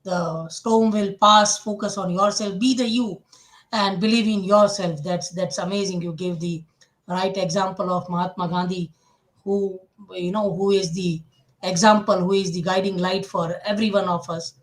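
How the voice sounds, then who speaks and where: A man's voice: sits high, steady tone, normal speed, rough recording. A man with an Indian English accent, hosting an interview, effusive with praise and often restarting his phrases. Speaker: interview host. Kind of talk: casual interview chat.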